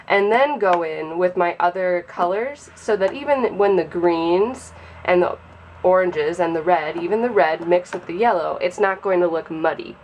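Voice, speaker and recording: A young woman hosting a casual craft tutorial, sounding nasal from a sinus infection and explaining in a chatty, relaxed way. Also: on the low side, slight background noise.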